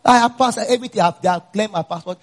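A Nigerian-accented pastor speaks at a quick pace, telling a personal story within his sermon. He goes low for asides and loud for the preaching.

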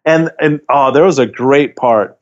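A man co-hosting a podcast in casual chat, talking haltingly with many restarts and fillers. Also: medium pitch. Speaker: podcast co-host. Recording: slightly dull lo-fi sound.

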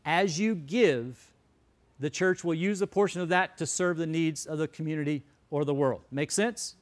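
A pastor with a fairly high voice delivers a sermon in a relaxed, conversational way. He is a middle-aged man who repeats key words and phrases for emphasis. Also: normal speed.

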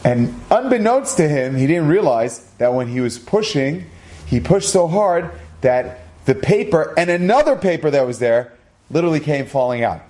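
A man's voice: a little high, very animated, moderate pace, warm tone. A man telling a religious story as a lesson, earnest, acting out the dialogue and using Hebrew terms.

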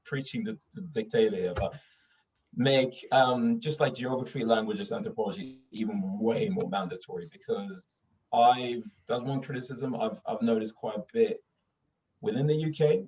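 A man from Sweden chatting casually in an animated way, often repeating himself and laughing through his stories. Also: lowish voice, moderate pace, a little hiss or hum. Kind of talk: casual conversation. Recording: distant, dull lo-fi mic.

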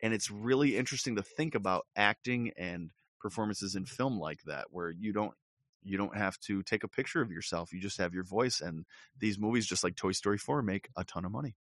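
A man's voice: on the low side, brisk, no echo, clean studio sound. A man co-hosting a podcast in casual chat, rambling and laughing often as he talks. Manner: rambling, laughs often, lively impressions of others. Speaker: podcast co-host.

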